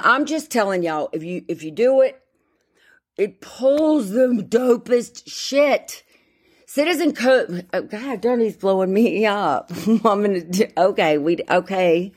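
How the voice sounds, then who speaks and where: A woman, chatting casually as a podcast host, rambling, interrupting herself and filling gaps with ums. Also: on the low side. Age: 50s. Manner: rambling, self-interrupting, many fillers. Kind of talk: casual solo chat.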